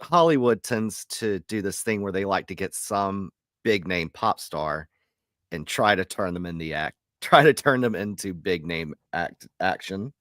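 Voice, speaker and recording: A man co-hosting a casual podcast chat, laughing easily as he tells his stories in a lively way. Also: low-pitched, measured pace, dry recording, studio quality. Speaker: podcast co-host.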